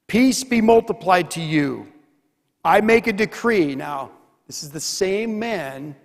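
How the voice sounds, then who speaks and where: A pastor preaching a sermon in a church, earnest and emphatic, with rhetorical questions. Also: male voice, a little high, gravelly, long reverb tail.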